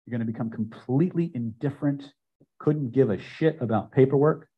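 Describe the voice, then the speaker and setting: An older man teaching a live self-help seminar, speaking emphatically and building phrases up loud before dropping to a hush. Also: medium pitch, a little fast, breathy edge, muffled recording. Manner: emphatic, builds repeated phrases to loud peaks then drops quiet. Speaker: hypnosis and self-help trainer. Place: seminar room with audience.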